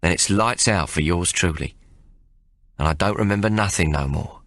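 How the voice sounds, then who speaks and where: Guy reading an audiobook first person, rough old-timey dialect, dry studio sound. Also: low-pitched, normal speed, a bit bright, no room sound. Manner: rough working-class storyteller's dialect. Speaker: audiobook narrator.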